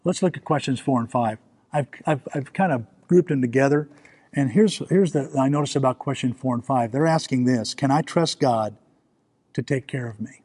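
A man's voice: medium pitch, moderate pace, darkish tone, slightly rough. A man preaching a sermon as pastor, in a conversational way, often restarting with repeated words and asking the listeners questions.

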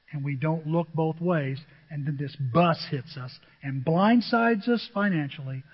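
Husky-voiced male preacher in a reverberant hall. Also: fairly high pitch. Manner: preaching with rhetorical questions and repetition. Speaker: pastor. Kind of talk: sermon. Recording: dull audio with long hall reverb.

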